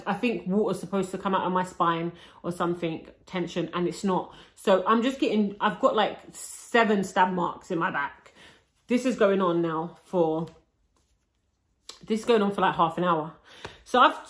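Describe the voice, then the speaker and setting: A young vlogger tells the story of her labour in a chatty, breathless storytime, full of likes and restarts, filmed on her own camera in an echoey room. Her voice is lowish and a bit bright.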